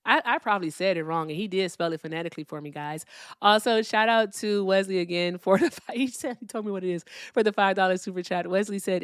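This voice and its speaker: A woman hosting a political call-in livestream, speaking in a relaxed, profane, wry way as she reads out donor messages and thanks viewers. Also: medium pitch, fairly quick, smooth, no echo, studio quality. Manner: speaks softly, not loudly. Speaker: livestream political debate host. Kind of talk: casual livestream chat.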